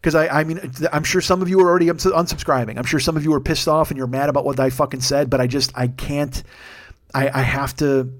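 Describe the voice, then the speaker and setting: Quick-paced and fairly even in intonation, this male podcast host has a voice that's a little high. Alone on his comedy podcast, he rants heatedly with constant swearing, then offers rambling, self-deprecating thanks to his crew.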